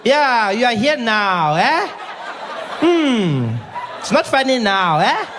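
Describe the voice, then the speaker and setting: A man voicing a curt, mocking female hospital check-in clerk who shouts and taunts in a drawn-out way. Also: extremely high pitch, sing-song, background noise, pitched above the performer's own voice, full character voice. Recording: live comedy club with audience.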